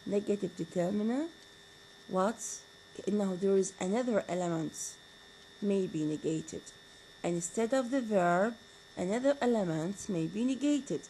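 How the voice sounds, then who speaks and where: A woman's voice: mid-range voice, normal speed, dark tone, a little hiss or hum, rough recording. Woman lecturing on grammar. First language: Arabic. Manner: switches between English and Arabic, asks rhetorical questions. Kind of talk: university lecture.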